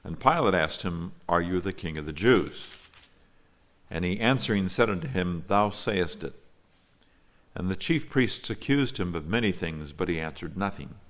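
A man preaching a sermon as pastor, reading scripture aloud in old-fashioned wording and then explaining it in an earnest, measured way. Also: low voice, lively intonation, a bit bright. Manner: measured and earnest, with small fillers when speaking freely.

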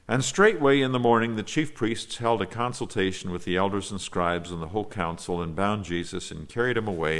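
A man preaching a sermon as pastor, reading scripture aloud in old-fashioned wording and then explaining it in an earnest, measured way. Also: low voice. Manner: measured and earnest, with small fillers when speaking freely.

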